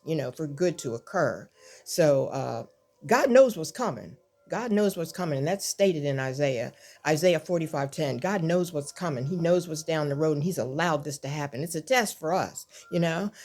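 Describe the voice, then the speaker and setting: An older woman with a low-pitched voice gives an online devotional message. She talks plainly and warmly conversational, then preaches in impassioned, repeated appeals. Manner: impassioned and repetitive, rising to pleading cries.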